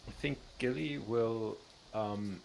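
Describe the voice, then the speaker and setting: Slow, gravelly low-voiced man. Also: a little mellow, a little hiss or hum, poor audio. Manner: hesitant, thinks aloud. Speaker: player. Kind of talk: tabletop game play. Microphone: video call.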